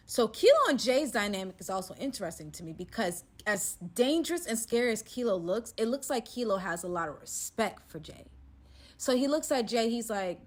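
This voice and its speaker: A woman tells her own wild story in a casual storytime. She is lively and acts out each person, dropping her voice low for some lines and jumping up high and loud for others. Her pitch sits in the middle for a woman. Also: moderate pace. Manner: animated, acts out quotes with shifting pitch and volume.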